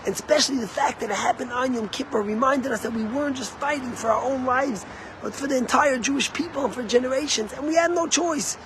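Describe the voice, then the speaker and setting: Man, rabbi, sermon; fairly high-pitched, impassioned, climbs to emphatic peaks. Faint room hum and passing traffic under the voice. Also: fast. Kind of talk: sermon with storytelling.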